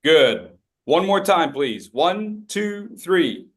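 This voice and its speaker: Man, workshop presenter, playful, lively pitch, slow delivery. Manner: playful, jokey, leads group drills. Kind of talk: interactive public speaking workshop.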